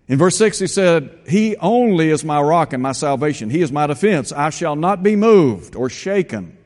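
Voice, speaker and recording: A man preaching a sermon, reading scripture aloud and slowing down to stress the quoted verses. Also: on the high side, darkish tone, big-room sound.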